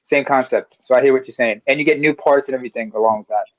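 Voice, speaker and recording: A man on an online panel chatting easily, thinking out loud as he talks. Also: mid-range voice, fast, dry recording. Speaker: panel guest. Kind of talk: casual panel chat. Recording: dull lo-fi call audio.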